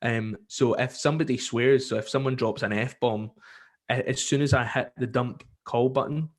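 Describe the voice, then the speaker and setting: A man with a Scottish accent, a radio presenter chatting as a podcast guest, telling lively stories and acting out callers. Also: medium pitch, normal speed. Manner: lively storyteller, acts out callers, many fillers. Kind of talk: casual podcast interview.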